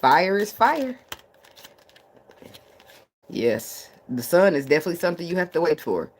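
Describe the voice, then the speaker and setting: A woman's voice: on the low side, sing-song, moderate pace, breathy edge. Blunt, profane woman reading tarot. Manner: blunt, profane, laughs often. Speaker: tarot reader. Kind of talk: casual livestream tarot reading.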